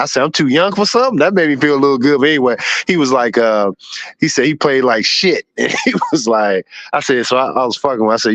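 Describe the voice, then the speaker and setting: A man's voice: medium pitch, a bit bright, dry recording, lo-fi sound. Blunt, profane man in his forties. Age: 40s. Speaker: show host. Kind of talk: casual podcast chat.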